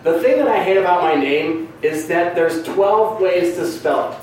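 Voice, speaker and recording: A man's voice: sits high, moderate pace, darkish tone, slight background noise. A man doing a crude, rambling, self-mocking stand-up comedy set on a club stage. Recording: echoey live club recording from a distance.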